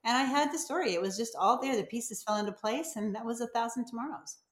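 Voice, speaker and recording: A woman's voice: fairly high pitch, fast, reverberant. A middle-aged woman, a novelist guest on a podcast, earnestly telling a story and replaying conversations. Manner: earnest, retells conversations with quoted voices.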